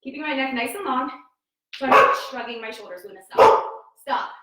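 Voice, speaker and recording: An upbeat woman fitness coach talks through her exercises at home, calling out form cues while she works out. She sounds a bit winded and sits somewhat away from the mic. Her voice is a touch high and rings in a very echoey room. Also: fairly quick, sharp tone, far from the mic. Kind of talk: live workout instruction.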